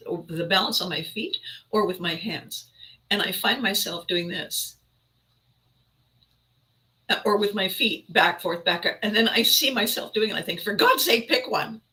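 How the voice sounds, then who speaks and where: A woman's voice: medium pitch, sharp tone, poor audio. A woman hosting a livestream, telling a rambling, reflective story in a chatty way and often interrupting herself. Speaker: livestream host. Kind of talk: casual reflective monologue.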